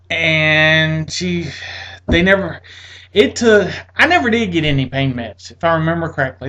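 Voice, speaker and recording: A man's voice: fairly bright tone, lo-fi sound. A veteran man casually telling a personal story, exasperated, acting out what people said to him. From Atlanta area, United States. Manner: exasperated, acts out quotes with rising pitch.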